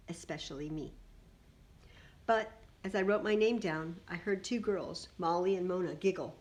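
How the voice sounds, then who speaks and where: A woman reading a picture book aloud in an animated way, adding little asides to her listeners. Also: fairly low pitch.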